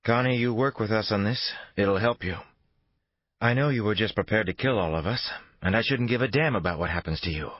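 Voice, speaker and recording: A man's voice: on the low side, brisk, no room sound, highs cut off, pitched above the performer's own voice, close to an everyday voice. A man voicing a tough, wary woman federal agent who talks in a clipped, demanding way, in an audiobook. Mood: pressing.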